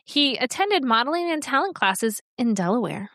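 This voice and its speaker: A woman co-hosting a podcast in casual chat, talking in a chatty, rambling way with quick asides. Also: sits high, big pitch swings, a bit bright, no echo, studio quality. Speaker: podcast co-host.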